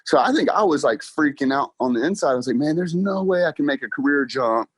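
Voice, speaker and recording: A young car salesman appears as a podcast guest, telling stories animatedly in a casual interview, acting out dialogue and laughing often. He talks fast in a higher voice with a breathy edge, and there's no echo.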